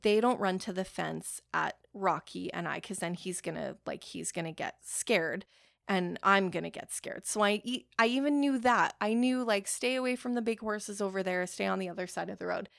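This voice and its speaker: A woman's voice: medium pitch, moderate pace, vocal fry, dry recording, clean studio sound. A woman telling a personal story in a casual, rambling way, swearing freely.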